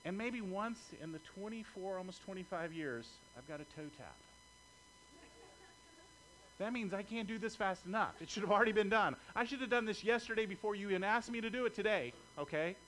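A man's voice: high voice, a little fast, a bit bright, slight background noise, low-quality recording. A middle-aged male pastor preaching a sermon in a conversational way, often checking in with his listeners.

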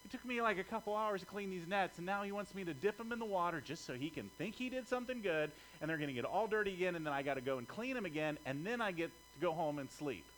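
A man's voice: sits high, expressive, fast, hardly any pauses, fairly bright tone, slight background noise, low-quality recording. A man voicing a tired, grumbling grown fisherman, complaining in a weary, whiny way.

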